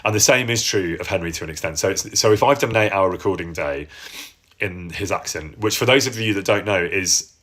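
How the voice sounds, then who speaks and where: Deep-voiced man chatting live. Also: fairly quick, fairly bright tone. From English Midlands. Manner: chatty, reflective, reads out viewer questions. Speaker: voice actor hosting a live stream. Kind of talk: casual live-stream Q&A.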